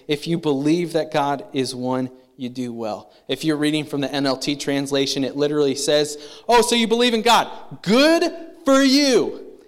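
A man preaching a sermon as pastor, conversational and animated, with asides to the congregation. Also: on the high side.

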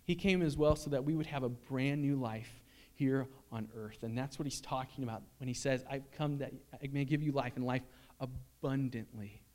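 A man's voice: mid-range voice, moderate pace, darkish tone. A man preaching a sermon in an earnest, conversational way, telling personal stories and asking rhetorical questions. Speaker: pastor.

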